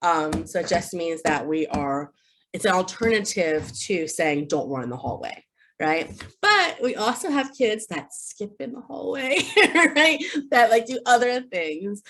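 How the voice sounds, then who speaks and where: A woman's voice: mid-range voice, fairly bright tone. A woman in her thirties, a behavior analyst giving a casual parent workshop, chatty with lots of fillers and tag questions, acting out upbeat phrases for kids. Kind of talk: casual online parent training talk.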